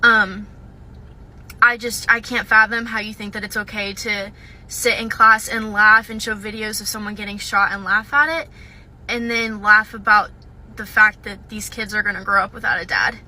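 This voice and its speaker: A woman's voice: mid-range voice, steady tone, normal speed, pushed and bright, low-quality recording. A young woman, a university student, telling a personal story to the camera in a casual, hesitant way, full of "um" and "like". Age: young adult. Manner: hesitant, with frequent "um" and "like".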